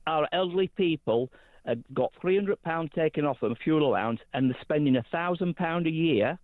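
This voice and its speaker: A Yorkshire man rings in over a dry, tinny phone line. He speaks in a fairly high voice, and his talk is blunt and indignant. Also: dry recording. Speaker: caller. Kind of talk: phone-in rant.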